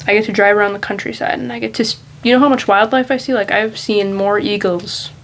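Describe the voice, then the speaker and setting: A woman's voice: medium pitch, fairly even intonation, quick pace, rough recording. A woman vlogger talking casually and candidly in a rambling, reflective monologue.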